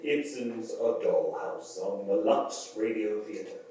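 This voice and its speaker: An actor playing a calm attendant who explains things in a measured, announcer-like way in a stage play. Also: male voice, lowish voice, a little hiss or hum. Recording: echoey stage from far off.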